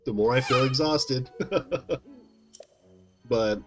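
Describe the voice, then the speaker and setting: A man's voice: on the low side, lively intonation, normal speed, over music. A tired man in his thirties, rambling casually to his chat while playing a game. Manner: rambling, chatty, talks to chat by name. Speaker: game streamer.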